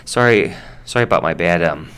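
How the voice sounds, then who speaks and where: An American man teaching English vocabulary in a relaxed, chatty way, with fillers and asides. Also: low-pitched, brisk, clean tone. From United States. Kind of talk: casual explanation.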